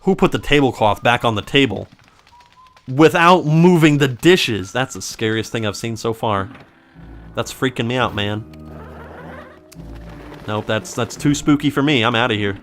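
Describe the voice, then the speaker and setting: A man's voice: medium pitch, measured pace, long pauses, a bit bright. A man giving casual, joking gameplay commentary who rambles into silly made-up backstories. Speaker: let's play commentator.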